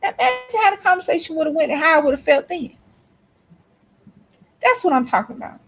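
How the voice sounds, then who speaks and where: A woman's voice: very high voice, sing-song, fast talker. A woman in casual chat, telling stories and speaking emphatically to her audience. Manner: storytelling, emphatic, lectures trolls. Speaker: co-host.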